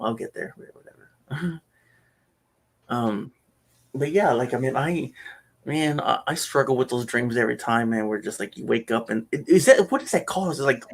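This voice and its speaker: A middle-aged man hosting a casual chat. He tells stories in an animated way, getting loud and excited, then dropping to mutters. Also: mid-range voice, poor audio. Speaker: livestream host.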